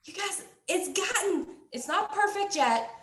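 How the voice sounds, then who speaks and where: Woman, high voice, friendly and jokey, talking to viewers from an echoey room. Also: lively intonation, unhurried, a bit bright. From Tennessee, USA. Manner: chatty and joking, talks straight to the audience. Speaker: guest speaker. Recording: roomy echoey sound.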